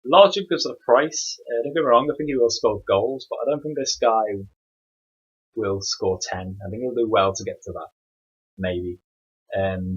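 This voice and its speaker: A man's voice: fairly low pitch, a bit bright, slightly rough, dull audio. A young man hosting a casual solo football podcast, rambling and opinionated with frequent ums and asides. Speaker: podcast host.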